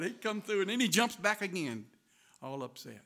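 Preacher guy, real bright high voice, goes from quiet to yelling, laughs a lot. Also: big pitch swings, moderate pace. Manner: swings from quiet asides to loud shouting, laughs often. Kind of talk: sermon.

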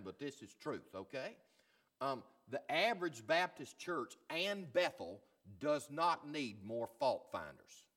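A man preaching a sermon as a pastor. His voice sits a little high and sounds bright and forceful. He swings between loud, emphatic lines and quiet, low passages.

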